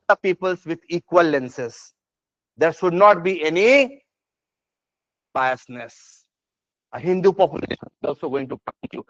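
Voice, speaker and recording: A man's voice: high-pitched, dry recording. A man with an Indian English accent teaching an exam essay lecture, checking often whether students follow. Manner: repeats "yes or no?" and "is this part clear?" checks; many fillers and restarts, emphatic. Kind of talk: classroom lecture. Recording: dry, slightly dull lo-fi sound.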